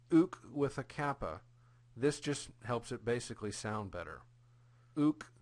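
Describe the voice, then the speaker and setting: A man teaching a recorded grammar lesson, patient and deliberate, repeating each example phrase. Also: mid-range voice. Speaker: Greek teacher.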